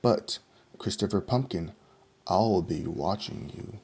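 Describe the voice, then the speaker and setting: Snappish storybook witch, loud and commanding, deep gravelly tone, read by a man. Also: slow, full character voice. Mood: bossy. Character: bossy grumpy female witch.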